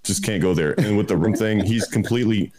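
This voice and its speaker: A man co-hosting a casual chat, loud, incredulous and profane, his voice jumping up when he is outraged. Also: fairly low pitch, a little fast.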